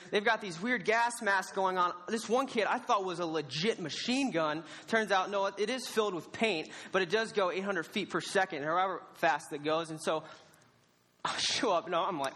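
A young man preaching a casual, storytelling sermon as a youth pastor, animated and laughing at himself. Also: high-pitched. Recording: reverberant hall.

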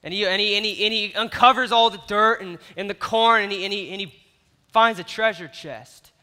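A man preaching a sermon, telling a parable with lively, animated storytelling that swings between loud and quiet. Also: sits high, fairly quick. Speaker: youth pastor. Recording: long reverb of a large hall.

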